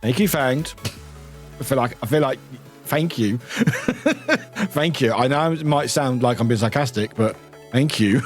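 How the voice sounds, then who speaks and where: A man streaming live, chatting casually in a rambling way, swearing offhandedly and laughing often between remarks. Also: mid-range voice. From United Kingdom. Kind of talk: casual chat while gaming live.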